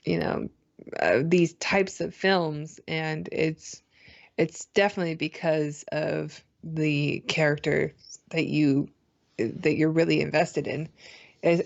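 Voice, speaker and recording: A woman's voice: low voice, fairly even intonation, unhurried, vocal fry. A woman co-hosting a casual film discussion, enthusiastic and teasing. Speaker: co-host. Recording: dull lo-fi sound.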